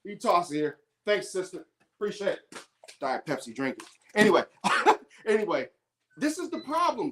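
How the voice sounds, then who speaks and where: A woman's voice: medium pitch, big pitch swings, normal speed, fairly bright tone, slight background noise. A woman hosting an independent sports show, delivering a heated, emphatic opinion monologue.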